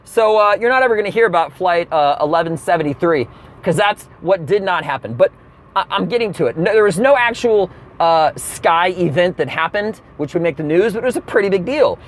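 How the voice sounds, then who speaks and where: A man with a high, lively voice tells a comedy rant while sitting in his car. He swings his pitch all over and acts out the people in his story. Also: brisk. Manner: animated storytelling with acted-out quotes.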